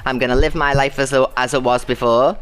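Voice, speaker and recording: A woman's voice: rumbling low, fairly even intonation, fairly quick, smooth. A woman chatting casually on a live stream, greeting and thanking her viewers by name and turning defiant about an abuser. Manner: chatty, greets viewers and calls them loves and babes.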